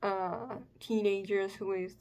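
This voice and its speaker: A woman's voice: medium pitch, fairly even intonation, slow, a little mellow. A chatty woman talking through her reaction to a manga chapter in a mid-range voice. She muses aloud, circles back on herself and leans on fillers as she works through her thoughts. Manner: chatty, musing, filler-heavy. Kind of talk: casual reaction commentary.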